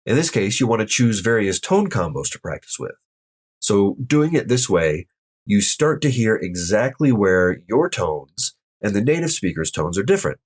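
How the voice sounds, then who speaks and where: A man's voice: on the low side, very animated, moderate pace, slightly rough. A man teaching an online language lesson, explaining tone rules step by step and demonstrating each sound aloud. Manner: upbeat, addresses viewers directly. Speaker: Mandarin tone teacher.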